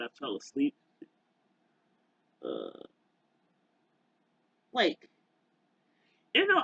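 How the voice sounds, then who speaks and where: A man with a slightly raised, husky voice rants casually to camera, trailing off and starting over again and again. His pitch leaps around as he talks. The recording is dry and a bit dull, like a cheap home mic. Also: a bit bright, dry recording. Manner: rambling, halting, many fillers and restarts. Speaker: YouTuber.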